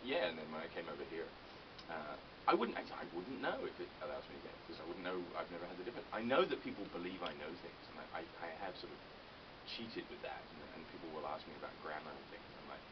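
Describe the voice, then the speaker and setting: A man's voice: low voice, fast, distant mic, lo-fi sound, background noise. A man in his forties with an English accent, a comedian telling self-mocking stories in a casual radio interview. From England. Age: 40s. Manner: self-mocking, animated storytelling with put-on voices. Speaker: comedian guest.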